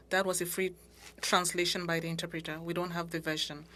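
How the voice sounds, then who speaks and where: A woman with a slightly low voice interprets a committee meeting, her delivery measured and full of small restarts. A faint noise floor sits under her words. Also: fairly even intonation, bright, forceful tone. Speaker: interpreter voicing committee members. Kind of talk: simultaneous interpretation. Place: committee room.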